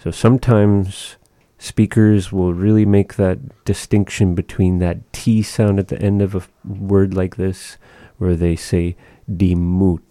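A man's voice: low voice, level tone, measured pace, hardly any pauses, mellow, dry recording, studio quality. A man giving a patient one-on-one language lesson, carefully modeling and repeating pronunciations. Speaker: language teacher.

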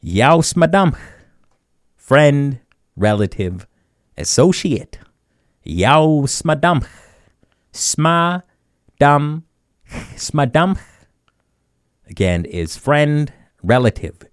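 A man hosting a community radio show, teaching words slowly and often chuckling at himself. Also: medium pitch, big pitch swings, no room sound, clean studio sound. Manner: chuckles often, slow deliberate word repetition. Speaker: radio host. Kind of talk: community radio language segment.

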